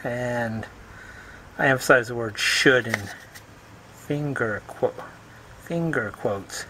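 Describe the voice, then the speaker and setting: A man talks through a do-it-yourself car repair in his home garage, chatting to viewers and poking fun at himself as he works. His voice sits in an ordinary middle pitch. A faint hiss of background noise runs under the camera-mic sound, and he drifts closer to and farther from the mic as he moves around. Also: slow pace, pushed and bright. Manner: chatty, self-deprecating, talks to viewers while working. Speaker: homesteading channel host. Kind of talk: casual DIY repair tutorial.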